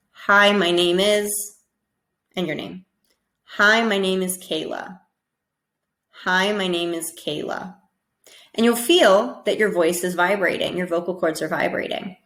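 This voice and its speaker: A woman teaches pronunciation slowly and clearly, encouraging her listeners and pausing often to check that they follow. Her voice sits slightly low. The recording carries the echo of a reverberant room. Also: fairly bright tone. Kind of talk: slow, clear instructional lesson. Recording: echoey room.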